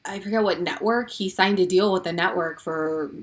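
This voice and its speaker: A woman's voice: lowish voice, moderate pace. A woman co-hosting a casual pop culture podcast, gushing and laughing often, with many "like"s. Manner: gushing, giggly, lots of "like". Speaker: podcast co-host.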